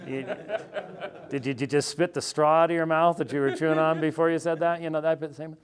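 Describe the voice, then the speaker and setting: American guy in an interview, wry and animated, rambles off on tangents. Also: a little high, fast, smooth. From United States. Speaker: theologian guest. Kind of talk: conversational interview answer.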